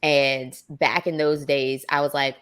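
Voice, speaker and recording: A woman in her thirties, a podcast guest, telling stories in casual chat and acting out other people's lines in a higher voice. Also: a little slow, clean tone. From Maryland, USA. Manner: animated storyteller, acts out quoted lines in a higher voice.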